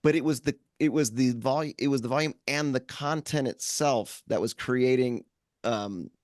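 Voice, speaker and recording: A man's voice: medium pitch, moderate pace, darkish tone, dry recording, studio quality. A man co-hosting a podcast, talking in a rambling casual way with lots of restarts. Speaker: podcast co-host. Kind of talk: casual chat.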